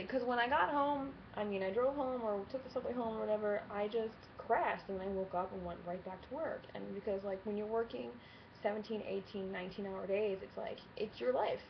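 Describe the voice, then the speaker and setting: A woman in her twenties talks straight to camera in a casual home vlog, open and blunt, with plenty of swearing and laughter. Her voice sits at an ordinary middle pitch for a woman. It comes through a slightly dull, lo-fi webcam mic with a faint hiss behind it. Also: a little fast. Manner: candid, swears a lot, laughs often. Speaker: vlogger.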